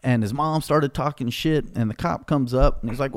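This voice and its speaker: A man's voice: mid-range voice, a little fast, few pauses, no room sound. Blunt, profane middle-aged man telling stories. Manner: blunt, profane, animated retelling. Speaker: podcast host. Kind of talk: casual storytelling.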